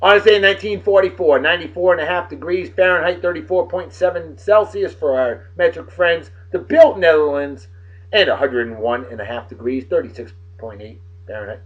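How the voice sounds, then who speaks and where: This host of a daily beer video, a Martha's Vineyard native with a Massachusetts accent, reads off this-day-in-history facts between profane wisecracks. He speaks briskly in a slightly high voice over a dull lo-fi recording.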